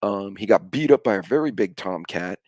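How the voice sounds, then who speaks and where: A man's voice: lowish voice, lively intonation, normal speed, a little mellow, no echo. A middle-aged man, hosting a casual live stream chat and telling rambling stories with offhand swearing.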